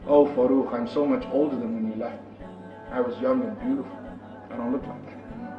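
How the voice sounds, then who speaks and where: A man voicing a humble, pious older wife who speaks softly and quietly, in an echoey, muffled recording with music behind. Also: medium pitch, fairly even intonation, quick pace, far from the mic, natural voice. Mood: tender. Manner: soft, quiet, tender.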